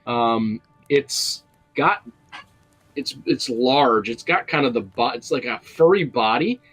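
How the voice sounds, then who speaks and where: A male game master who describes the scene in a rambling, hesitant way, full of fillers and restarts. His voice sits at a middle pitch. Faint music plays underneath. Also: takes it slowly, a bit bright, breathy edge, poor audio. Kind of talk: narrating a tabletop game.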